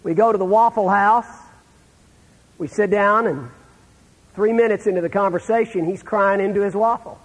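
A middle-aged man preaching a sermon, telling stories and dropping to a hush for the sad parts. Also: high-pitched, moderate pace, long pauses, husky, long reverb tail, poor audio. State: terminal illness, on breathing treatments. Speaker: pastor.

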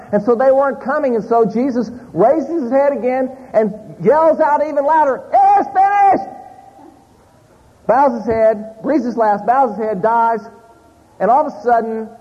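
A man preaching a sermon, telling an animated story to a live congregation in a church. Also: very high-pitched, husky. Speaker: pastor. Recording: muffled audio in a large hall.

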